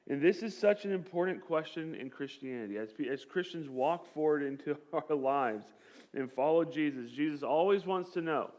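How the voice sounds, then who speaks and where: A man preaching a sermon to his church, conversational and joking, telling a story with lively acted-out quotes. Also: medium pitch, moderate pace. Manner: conversational, with jokes and light laughs. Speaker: pastor.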